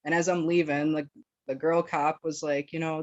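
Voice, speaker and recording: A woman's voice: deep voice, a little fast, dry recording. Woman from Wisconsin, podcast guest spinning a story, foul-mouthed and giggly, heard on a dead, muffled lo-fi track. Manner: profane, rambling, laughs often, filler-heavy. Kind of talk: casual storytelling. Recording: dull, dry lo-fi recording.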